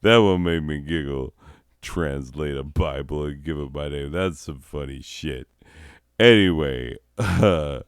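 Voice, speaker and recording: A man high on edibles, rambling through a profane, giggly comedic monologue as host. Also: measured pace, clean tone, dry recording, clean studio sound.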